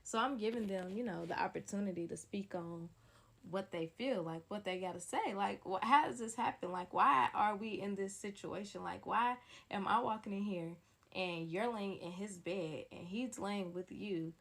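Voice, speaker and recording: A woman's voice: medium pitch, moderate pace, creaky, a bit bright. A young woman telling a dramatic personal story straight to her viewers in a casual storytime vlog. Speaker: storytime vlogger.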